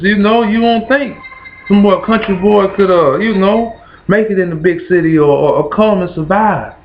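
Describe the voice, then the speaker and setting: A man's voice: sits high, normal speed. A man from Kentucky with a Kentucky accent, preaching motivationally in a rhythmic, repetitive cadence. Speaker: host. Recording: dull lo-fi with music behind. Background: background music.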